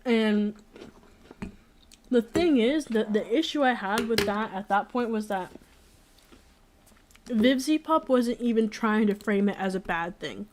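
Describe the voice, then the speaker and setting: A woman's voice: a little high, lively intonation, measured pace, pauses often, darkish tone, slight background noise. A young woman chatting casually in a Q&A, rambling with many fillers and restarts, blunt and opinionated. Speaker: streamer. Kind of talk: casual chat.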